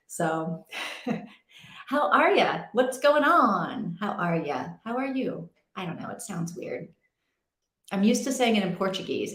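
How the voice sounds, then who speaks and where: A young adult woman hosting a casual read-along stream from home, chatting in a rambling way and laughing often. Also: fairly low pitch. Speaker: livestream host. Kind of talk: casual chat. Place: home in Portugal. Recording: roomy echo.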